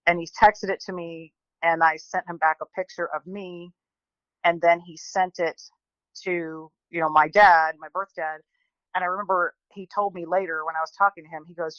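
A woman in her forties, a guest telling a personal story in an animated, chatty way, often restarting and quoting people. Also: lowish voice, normal speed, clear, resonant tone, no room sound, muffled recording. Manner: chatty, animated, many restarts and quoted voices.

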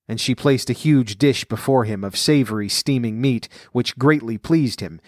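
A man narrating a fairy tale in a steady, even storybook reading. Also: medium pitch, no room sound, clean studio sound.

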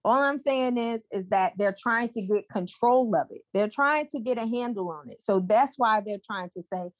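A woman's voice: on the high side, moderate pace, dry recording. A woman co-hosting a podcast who argues her point insistently in a casual debate. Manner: insistent, argumentative.

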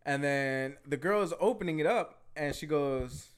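A man's voice: fairly high pitch, moderate pace, clear, resonant tone. A young man co-hosting a podcast, telling a rambling story in loose casual chat and swearing freely. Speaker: podcast co-host.

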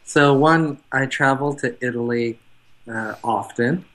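Measured male interview guest. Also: medium pitch, fairly bright tone, rough recording. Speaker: guest, car business owner. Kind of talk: conversational interview.

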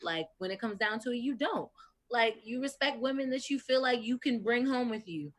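A woman's voice: fairly high pitch, lively intonation, moderate pace. Heated, emphatic woman with a raised voice. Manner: heated, emphatic, rising to shouts when outraged. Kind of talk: casual group discussion.

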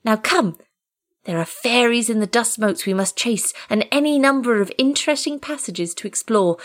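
A woman voicing a playful half-grown male cat, lively and eager, talking brightly and briskly. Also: fairly high pitch, pitched above the performer's own voice, lightly acted.

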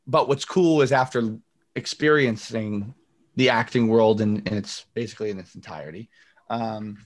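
A man's voice: lowish voice, normal speed. A young man talking casually in a video call interview, chatty and storytelling, with many fillers and acted-out quotes. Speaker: singer-songwriter guest.

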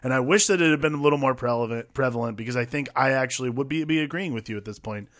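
A man's voice: mid-range voice, rapid-fire, fairly bright tone. A man co-hosting a casual movie review podcast, rambling and profane, full of fillers. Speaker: podcast co-host.

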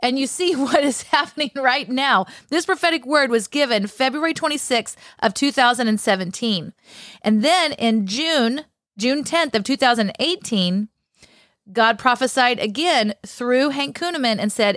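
A woman co-hosting a casual talk show, enthusiastic and quick to agree with her partner. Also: high voice, lively intonation, fairly bright tone, no echo, studio quality. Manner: enthusiastic, affirming. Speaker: co-host.

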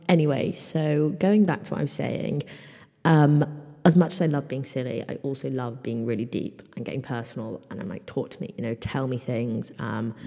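A woman's voice: a bass voice, vocal fry, mellow, big-room sound. A woman in her mid-twenties hosting a solo podcast, chatty and rambling, full of "like" and casual swearing. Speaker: podcast host. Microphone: microphone, in front of a mirror.

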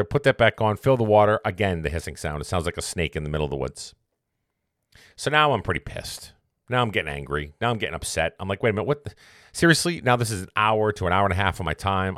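Man, podcast host, low voice, dry close sound, rambling casual story, motivational. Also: fairly bright tone, no echo. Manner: rambling, self-correcting, motivational.

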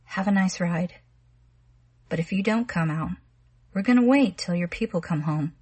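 A woman reading a menacing, smooth-talking young man who coaxes and taunts in slangy patter. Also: on the low side, expressive, darkish tone. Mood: coaxing. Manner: slangy, wheedling drawl with rapid patter.

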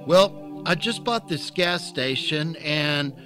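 A man's voice: fairly high pitch, animated, slow pace, over music. A man reading an earnest, sheepish visitor. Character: polite, awkward man visiting a priest.

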